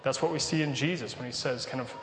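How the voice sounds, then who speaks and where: A man's voice: mid-range voice, quick pace. Nasal man preaching in an echoey hall. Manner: conversational preaching with asides. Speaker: pastor. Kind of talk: sermon. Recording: echoey hall with long reverb.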